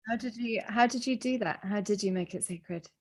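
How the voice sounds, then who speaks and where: A woman in a reflective podcast conversation, telling a story in a gentle, thoughtful, measured way. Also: mid-range voice.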